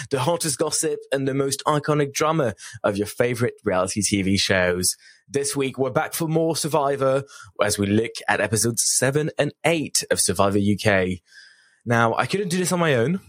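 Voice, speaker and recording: A man's voice: medium pitch, expressive, normal speed, dry recording, studio quality. A man hosting a casual podcast, playful and teasing with his co-hosts. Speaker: podcast host.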